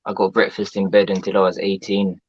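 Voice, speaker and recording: A man talks casually as a guest, meandering through his thoughts with plenty of fillers. His voice sits a little low. The recording sounds dull and dry. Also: completely flat delivery, brisk, slightly rough, no room sound. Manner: chatty, hesitant with many fillers. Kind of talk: casual chat.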